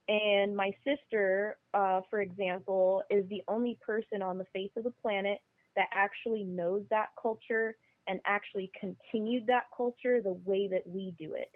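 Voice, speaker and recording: A woman's voice: medium pitch, no echo. Blunt woman on a phone line. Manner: blunt, emphatic opinions. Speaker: podcast guest. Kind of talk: casual conversation. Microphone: phone call.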